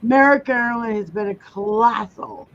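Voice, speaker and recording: A woman's voice: fairly high pitch, measured pace, highs cut off, slight background noise. A woman hosting a casual livestream, ranting angrily with heavy swearing while reading viewer comments. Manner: angry, heavy swearing rant.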